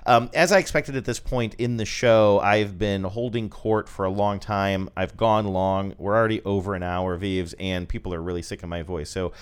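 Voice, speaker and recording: A man's voice: lowish voice, steady tone, moderate pace, few pauses, clear, resonant tone. A man co-hosting a casual chat about ads, easygoing and thinking aloud. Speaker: podcast co-host.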